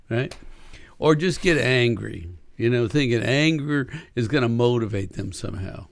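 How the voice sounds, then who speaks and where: Animated man with a gravelly voice. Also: medium pitch, a little slow, no room sound. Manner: animated, acts out quoted lines. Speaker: podcast co-host, marriage coach. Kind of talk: casual podcast chat.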